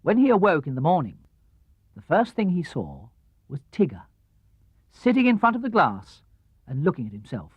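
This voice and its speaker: Expressive male narrator for a children's audiobook, animated pitch, dull, dry 1970s LP sound. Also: moderate pace, slightly rough, dry recording. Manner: lively, expressive, drops low and soft for narration tags. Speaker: audiobook reader. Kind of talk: storybook narration.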